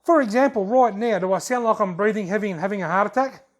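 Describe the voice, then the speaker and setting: A man's voice: high voice, quick pace. An Australian man hosting a fishing video channel, casually reading out viewer comments in a jokey, laid-back way and chuckling often.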